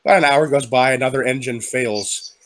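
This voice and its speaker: A man's voice: mid-range voice, fairly bright tone. A man telling long jokes in a casual group chat, moving easily through the setups. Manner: smooth storyteller, quick voice changes for quoted characters. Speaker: podcast regular telling jokes.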